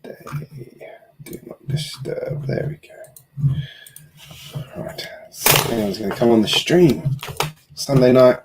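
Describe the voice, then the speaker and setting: A man's voice: mid-range voice, slow pace, long pauses, noisy background. A man hosting a casual live stream from home, chatting in a rambling way with self-deprecating asides, picked up by a computer mic. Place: home build room at a computer.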